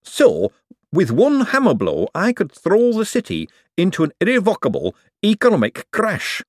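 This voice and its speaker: A man voicing an excitable young male inventor who speaks eagerly and breathlessly. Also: medium pitch, a little slow, dry recording, studio quality.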